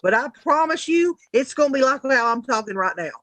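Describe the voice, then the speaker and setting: A woman's voice: sits high, animated, a little fast, a bit bright, no room sound. A woman co-hosting a casual livestream roundtable, blunt and profane, ranting and joking. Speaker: livestream co-host.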